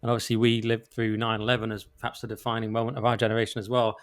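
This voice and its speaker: A man's voice: lowish voice, completely flat delivery, racing. A man hosting a casual political podcast, joking and self-deprecating as he rambles between topics. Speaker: podcast host.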